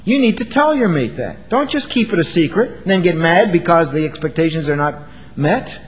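A man preaches in an earnest, animated way, his pitch sitting a little high and swinging widely between lines. He acts out the quoted lines himself. The long reverb of a hall trails after his words, over faint ambience. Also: moderate pace. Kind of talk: sermon.

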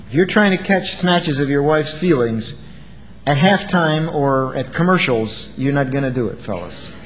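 A man's voice: on the high side, sing-song, a little slow, fairly bright tone, long reverb tail, rough recording. A man preaching an earnest sermon, acting out quoted lines as he goes.

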